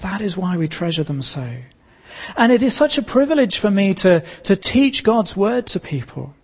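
Male pastor, sermon delivery, earnest and emphatic, gravelly voice. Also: high voice, big pitch swings, a little mellow, in a large hall. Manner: earnest preaching with pauses and emphatic repetition.

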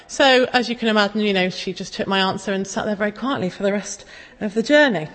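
A woman preaches in a relaxed, conversational way, in a mid-range voice. She tells homely stories with a self-deprecating humour. Her voice rings out with a long reverb, as in a large church hall. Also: mid-range voice, fast talker. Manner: chatty, self-deprecating storytelling. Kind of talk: casual sermon.

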